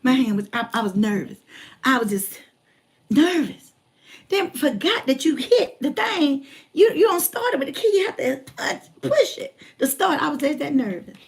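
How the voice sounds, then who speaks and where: Animated storytelling woman in her forties. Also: high voice, moderate pace. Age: 40s. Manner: animated, repeats herself for emphasis, colloquial. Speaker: motivational speaker. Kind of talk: comic personal storytelling.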